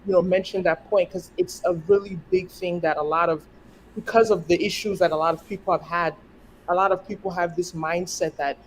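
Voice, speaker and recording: A speaker with an American accent, giving a thoughtful, measured opinion in casual discussion and restarting words while thinking. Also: male voice, sits high, fairly even intonation, a little hiss or hum, low-quality recording.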